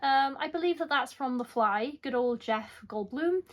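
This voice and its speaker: A young woman talks through a book subscription box in a chatty, rambling way. She pitches a little higher than most women. She keeps apologising and poking fun at herself. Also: animated, normal speed, fairly bright tone. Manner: chatty, apologetic, self-deprecating. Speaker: book vlogger. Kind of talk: casual unboxing chat.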